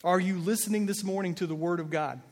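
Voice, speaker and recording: A man's voice: sits high, quick pace. A man preaching a sermon as pastor in a church sanctuary, earnest and direct, sometimes stumbling over and repeating his words. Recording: long reverb of a church hall.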